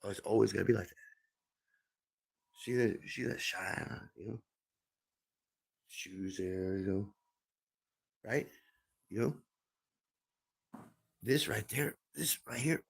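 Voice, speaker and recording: Gravelly, rambling man cursing freely. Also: fairly low pitch, slow, long pauses. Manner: rambling, profane, repeats himself. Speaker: livestreamer. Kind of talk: rambling livestream monologue. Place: at home indoors.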